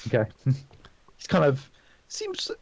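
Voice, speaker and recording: A man's voice: mid-range voice, wildly swooping pitch, slow pace, creaky, darkish tone, no room sound, muffled recording. A man narrating as dungeon master, casual, with many fillers and restarts. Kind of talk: narrating a tabletop game.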